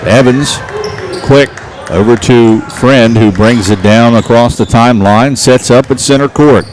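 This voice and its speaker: A man calling local basketball play-by-play, getting excited and shouting on big plays. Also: mid-range voice, unhurried. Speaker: play-by-play announcer.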